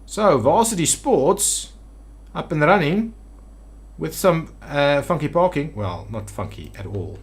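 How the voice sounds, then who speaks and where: Fairly high-pitched and very animated, this man talks slowly while commenting on a city-building game. As a city-builder video creator, he thinks aloud during construction, with hesitant false starts.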